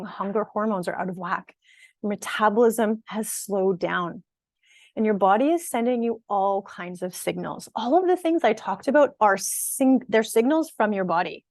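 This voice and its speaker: A woman fitness and nutrition coach gives an online workshop talk to viewers, her medium-pitched voice at normal speed in a dry recording. She's conversational, empathetic, and encouraging, laughing now and then and frequently checking in with "right?" and "okay?".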